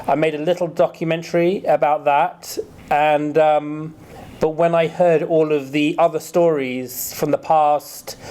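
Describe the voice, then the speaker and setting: A man's voice: a little high, darkish tone, clean tone. A man, a film director, speaking in a casual radio studio interview and telling his story in a chatty, anecdotal way.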